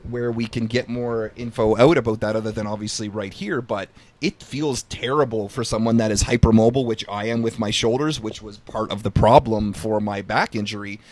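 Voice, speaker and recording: A man's voice: on the low side, fairly even intonation, fairly quick, hardly any pauses, darkish tone. A man hosting a podcast in casual chat, enthusiastic but hesitant, restarting his sentences a lot. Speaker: podcast host.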